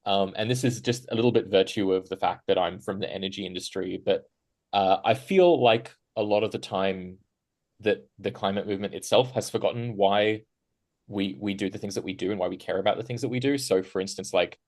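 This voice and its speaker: A man with a fairly low voice speaks as a guest in a panel discussion. He rambles in a loose, conversational way, tossing in "right?" and laughing lightly between thoughts. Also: a little fast. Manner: rambling, frequent "right?" tags and fillers; animated, laughs while talking.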